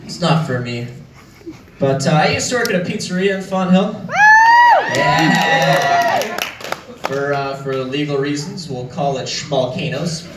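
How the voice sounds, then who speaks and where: A young man doing stand-up, his high voice bouncing with lively rises and falls through animated, profane stories. The sound is echoey and a little distant from the mic. A loud crowd fills the room behind him. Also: unhurried, long pauses, heavy background noise. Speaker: stand-up comedian. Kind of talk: stand-up comedy. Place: comedy club stage.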